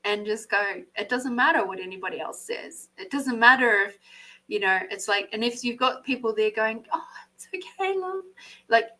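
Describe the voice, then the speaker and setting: Bright-voiced Australian woman reading cards. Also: medium pitch, normal speed, rough recording. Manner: animated, swears freely, laughs often. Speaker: intuitive card reader, podcast host. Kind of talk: live tarot card reading.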